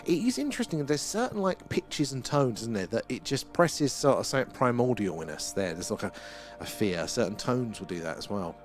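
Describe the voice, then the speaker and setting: A British man chatting his way through a live stream, easygoing and quick to laugh as he answers his viewers. His voice sits at an ordinary middle pitch, with faint music playing underneath. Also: big pitch swings. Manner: chatty, reads out viewer comments, laughs often. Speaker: livestream host. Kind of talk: casual live-stream chat.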